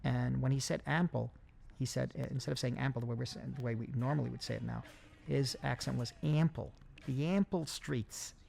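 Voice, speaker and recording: A man recording a film commentary, speaking in a halting way with many fillers and restarts. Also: medium pitch, steady tone, gravelly, a little mellow. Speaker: film director giving commentary.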